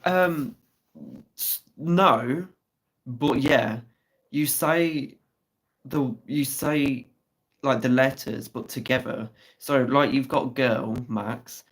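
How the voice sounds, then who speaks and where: This livestream host, casually chatting through comments, teases his viewers and swears without restraint. His medium-pitched voice draws out words and pauses often, and the recording is rough.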